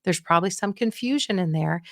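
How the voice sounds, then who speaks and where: Gravelly-voiced woman giving frank care advice. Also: lowish voice, expressive, a little fast, fairly bright tone, dry recording, studio quality. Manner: frank, encouraging, acts out quoted voices. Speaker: dementia care podcast host. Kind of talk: casual advice talk.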